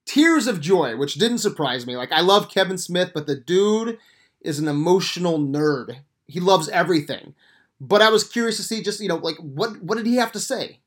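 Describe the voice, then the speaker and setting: A man's voice: high-pitched, lively intonation, normal speed. A man hosting a podcast, reviewing a movie in a casual, rambling way with lots of swearing and enthusiasm. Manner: profane, enthusiastic, rambling with fillers. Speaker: podcast host.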